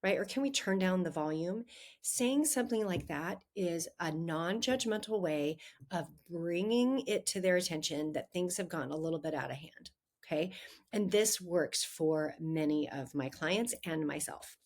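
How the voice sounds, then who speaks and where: A woman's voice: lowish voice, normal speed, a little mellow. A middle-aged woman hosting a solo advice podcast as a relationship coach, talking conversationally with frequent "um" and "right?" tags.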